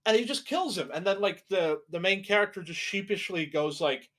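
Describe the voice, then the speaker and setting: A man's voice: sits high, normal speed, fairly bright tone. A young man riffing casually as a co-host, rambling and profane, full of filler words. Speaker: co-host reacting to a video. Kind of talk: casual reaction commentary.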